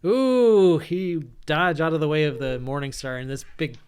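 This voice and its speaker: A man narrating as game master of an online tabletop game, relaxed and hesitant, with many fillers and restarts. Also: on the high side, moderate pace, clear, resonant tone.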